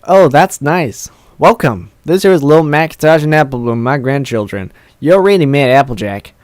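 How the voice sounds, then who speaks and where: A man's voice: a little high, expressive, a little mellow, dry recording, lightly acted. A man reading the lines of a forgetful, rambling old grandmother pony in a game let's play, without putting on an old voice. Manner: slow, rambling.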